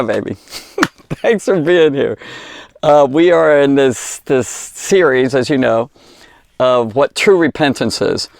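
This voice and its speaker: A man giving an informal Bible teaching, animated and chatty, often repeating words as he restarts. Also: mid-range voice, vocal fry, no room sound, clean studio sound.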